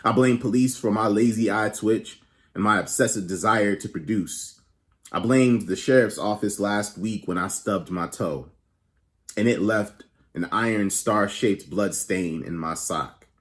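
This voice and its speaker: A man's voice: lowish voice, unhurried. A man performing a spoken word poem with rhythmic, emphatic repetition. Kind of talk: performed poetry.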